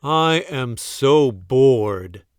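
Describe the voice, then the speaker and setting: A restless, mischievous shepherd boy from a storybook, as a man puts him on. He complains in slow, drawn-out, slightly raised tones and yells loudly when crying wolf. The sound is clear and dry. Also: mid-range voice, animated, no room sound, soft background music. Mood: bored. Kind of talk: storybook read-aloud.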